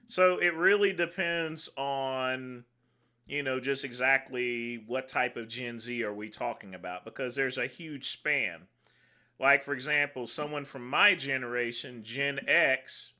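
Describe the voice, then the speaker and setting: A man's voice: mid-range voice, bright, forceful tone. A man in his forties, host of a livestream, rambling in casual chat with many fillers. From United States. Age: 40s. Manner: rambling, repeats himself, lots of "you know".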